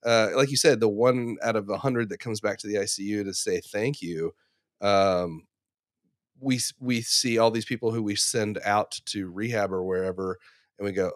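A man in his forties, an ICU clinician, talking through a medical dilemma in relaxed conversation, telling stories with fillers and restarts. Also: lowish voice, moderate pace, no room sound, studio quality. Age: 40s. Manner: reflective, storytelling with frequent fillers and restarts. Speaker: ICU clinician, podcast co-host. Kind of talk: casual professional discussion.

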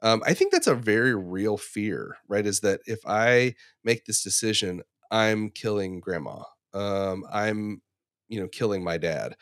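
A man in his forties, an ICU clinician, talking through a medical dilemma in relaxed conversation, telling stories with fillers and restarts. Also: fairly low pitch, measured pace, dry recording, studio quality. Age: 40s. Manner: reflective, storytelling with frequent fillers and restarts. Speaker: ICU clinician, podcast co-host. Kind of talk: casual professional discussion.

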